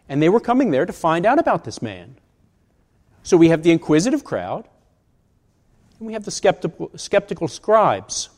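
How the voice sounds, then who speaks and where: A pastor in his sixties preaches a sermon conversationally, posing rhetorical questions. His voice sits a little high with a darkish tone, and the recording carries the long reverb of a large hall.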